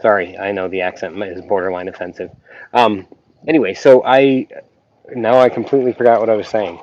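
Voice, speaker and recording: A man's voice: fairly low pitch, fairly even intonation, fairly quick, a little mellow. A man hosting a casual live stream, rambling and full of ums as he greets viewers. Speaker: YouTube reaction channel host. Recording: dull lo-fi sound with faint noise.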